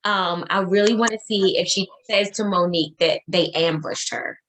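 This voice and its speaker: A woman's voice: medium pitch, moderate pace, fairly bright tone, a little hiss or hum, poor audio. A woman co-hosting a casual chat show, blunt and emphatic, repeating herself and swearing freely. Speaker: podcast co-host.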